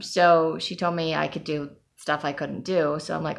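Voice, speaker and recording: A woman's voice: deep voice, fairly even intonation, moderate pace, vocal fry, hardly any pauses, a bit bright. A woman giving a candid, rambling personal update, with frequent ums and sighs. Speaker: vlogger.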